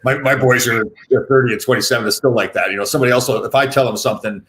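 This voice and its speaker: A man's voice: mid-range voice, fairly even intonation, racing, fairly bright tone, slight background noise. A man in his fifties hosting a casual interview, rambling with lots of fillers and restarts. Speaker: podcast host.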